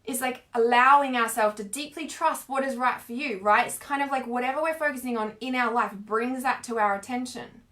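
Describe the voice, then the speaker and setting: Speaking a little fast with hardly any pauses, a woman with a high, fairly bright voice rambles casually on a live stream as a spiritual coach. She uses "like" heavily, laughs often, and remains teary from crying earlier.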